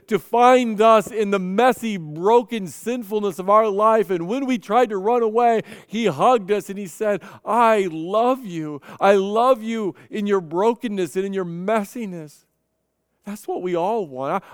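A man's voice: high-pitched, smooth, no room sound, studio quality, in a large hall. A man preaching a sermon, telling stories earnestly and often repeating his first word as he goes. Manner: earnest storytelling with frequent repeated starts. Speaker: pastor.

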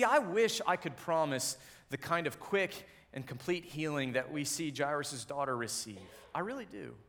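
A male pastor with a fairly high voice preaches a sermon. He moves between hushed, gentle lines and rising, emphatic peaks, and he settles into a lower, even tone when he reads scripture aloud. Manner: swings from soft, quiet lines to loud, emphatic build-ups.

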